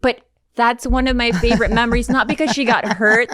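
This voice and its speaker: A woman's voice: a little high, fairly even intonation, brisk, a bit bright, no echo. Hesitant rambling woman, dry mic. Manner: rambling, hesitant with many ums, swears freely. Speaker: podcast co-host. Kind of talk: casual chat, storytelling.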